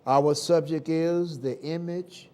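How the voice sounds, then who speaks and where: Southern male preacher, high and animated, slow deliberate sermon cadence with sudden loud calls. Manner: call-and-response preaching with sudden loud and soft swings.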